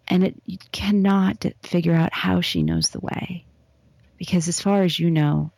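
Woman, interview guest, slow soft storytelling, whispered words, gravelly, dry close sound. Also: on the low side, no room sound. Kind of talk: guided visualization then casual interview talk.

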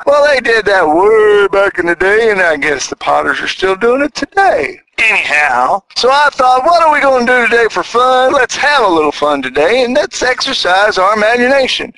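A man's voice: creaky, no room sound, poor audio. An older man talking to listeners in a casual, folksy monologue, asking them question after question. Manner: folksy, chatty, asks the listener lots of questions; animated, swinging between high and low.

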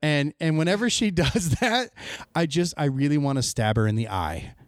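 A man's voice: a little high, expressive, normal speed, no room sound. A man co-hosting a casual podcast, ranting with sarcasm and plenty of swearing. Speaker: podcast co-host. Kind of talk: casual chat.

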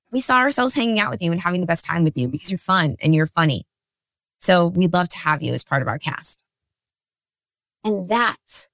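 A woman in her thirties hosting a podcast, telling a story about herself in a chatty, animated, self-deprecating way. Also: on the low side, no room sound. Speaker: podcast host. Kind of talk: casual storytelling monologue.

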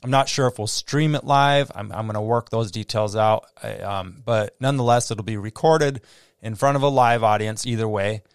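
A man's voice: on the low side, normal speed, clear, resonant tone, dry recording, clean studio sound. A man with a Midwestern American accent hosting a solo podcast, talking casually with many fillers and restarts. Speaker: podcast host. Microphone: close podcast mic.

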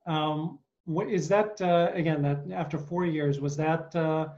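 A man hosting an interview, asking hesitant, halting questions with many fillers. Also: fairly high pitch, steady tone, darkish tone. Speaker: interviewer host. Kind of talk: casual interview. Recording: dull lo-fi sound.

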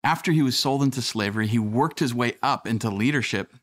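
A man's voice: medium pitch, a little fast. Conversational male pastor telling stories. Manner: conversational storytelling with acted quotes. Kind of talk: sermon.

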